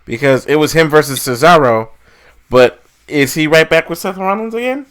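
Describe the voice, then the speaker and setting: A man co-hosting a casual wrestling podcast, talking in an animated, mocking way and swearing freely. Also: a little high, moderate pace. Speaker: podcast co-host.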